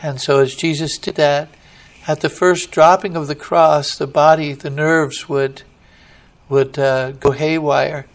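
A man, a pastor, preaching a sermon with surges of emphasis and some halting restarts. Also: a little high, steady tone.

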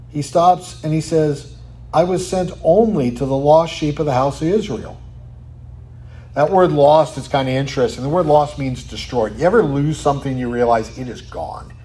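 A man delivering a sermon in a fairly high voice, lively and conversational. He keeps asking the listeners questions and tags his points with "right?". For emphasis he sometimes drops to a near whisper. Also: moderate pace. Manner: animated, rhetorical questions, many "right?" asides, drops to quiet for emphasis. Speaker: pastor.

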